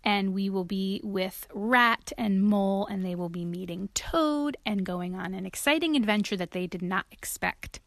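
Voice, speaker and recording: A woman's voice: mid-range voice, normal speed, vocal fry, hardly any pauses, no echo. Woman reading a bedtime story. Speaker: storyteller host.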